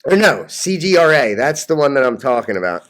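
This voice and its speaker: A brash young man hosting a casual stock-trading vlog, cocky and quick to laugh at his own jokes. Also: mid-range voice, sing-song, fairly bright tone. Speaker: stock vlogger.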